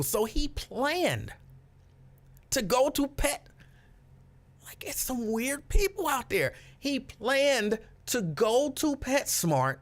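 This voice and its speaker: A man hosting a live stream, chatting with viewers and telling a story in an animated, casual way. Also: high voice. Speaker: livestream host.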